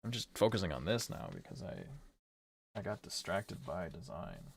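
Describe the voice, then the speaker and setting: A man's voice: sits low, wildly swooping pitch, moderate pace, gravelly, a little hiss or hum. A man streaming casually while he works, thinking aloud in a rambling way that corrects itself, swearing and laughing often.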